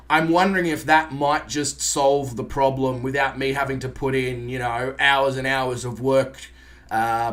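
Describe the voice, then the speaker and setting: A man's voice: fairly high pitch, fairly bright tone. Chatty Australian man streaming a flight sim. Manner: chatty, greets viewers by name, swears lightly. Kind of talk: casual live-stream chat.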